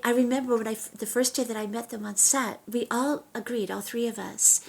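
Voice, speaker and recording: A middle-aged actress chatting as an interview guest, telling animated stories and often restarting her sentences. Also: mid-range voice, gravelly, slightly rough. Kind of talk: casual interview chat.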